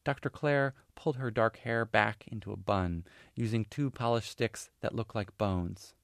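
Male author reading literary fiction; low register, measured pauses, dry close-miked sound. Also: gravelly, dry recording. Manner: measured, unhurried storytelling with pauses. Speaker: author reading his novel.

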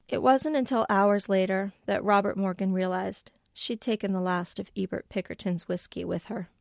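A woman author reading a passage from her novel aloud, measured, lightly voicing the characters' lines. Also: mid-range voice, steady tone, vocal fry, no echo, studio quality. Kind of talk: literary reading.

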